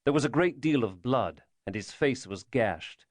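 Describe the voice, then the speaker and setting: A man's voice: mid-range voice, lively intonation, moderate pace, dry recording. Man reading a thriller, dry and close. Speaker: audiobook narrator. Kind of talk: scripted narration.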